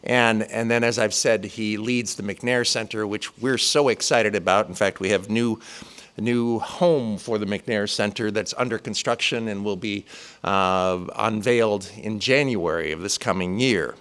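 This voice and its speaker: A man's voice: on the low side, a little slow, a bit bright, clear, resonant tone. A man introducing a keynote speaker, giving praise with light humor. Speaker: event introducer.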